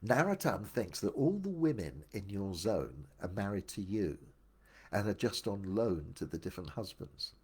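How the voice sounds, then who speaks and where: A man's voice: fairly low pitch, very animated, moderate pace, a little mellow, husky. An older man telling his own life story in a casual, meandering and reflective way, often restarting his sentences. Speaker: memoir storyteller. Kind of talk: casual first-person storytelling.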